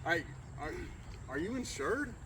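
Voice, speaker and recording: A man's voice: on the high side, big pitch swings, measured pace. A man playing a shady, bumbling tree worker in a comic ad skit, speaking outdoors with noise around him. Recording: outdoor noise, distant mic.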